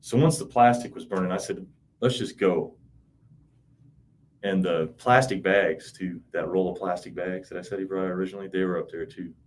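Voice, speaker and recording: A man's voice: low voice, steady tone, moderate pace, slight background noise. A man in his thirties in an interview, recounting events in a rambling, profane, casual way with frequent "you know". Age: 30s. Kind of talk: casual spoken recollection.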